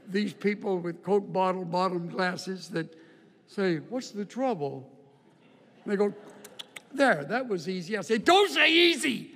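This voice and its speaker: A man's voice: sits high, long reverb tail. An older man preaching a sermon, folksy and humorous, often repeating words as he tells stories. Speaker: pastor. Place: church auditorium.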